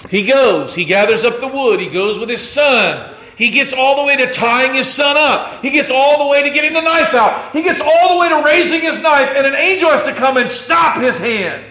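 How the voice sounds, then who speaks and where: A man's voice: very high-pitched, expressive, normal speed, hardly any pauses, pushed and bright. A man preaching a conversational sermon to his congregation, asking rhetorical questions and often restarting his sentences. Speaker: pastor.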